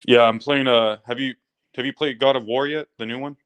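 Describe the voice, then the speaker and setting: A man chatting casually as a guest on a live stream, relaxed and friendly. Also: mid-range voice, fairly quick, smooth. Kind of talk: casual chat.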